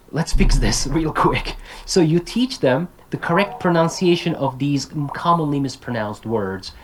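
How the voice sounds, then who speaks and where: A man's voice: a little high, animated, measured pace, slight background noise, rough recording. A man giving an online talk to language teachers. He is casual and direct, repeats his points, and says example words aloud as drills. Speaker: lecturer.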